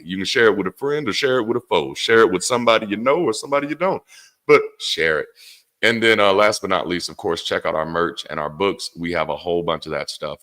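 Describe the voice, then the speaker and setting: A middle-aged man hosting a casual livestream, speaking candidly with plenty of swearing and animated rants. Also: fairly low pitch. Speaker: host.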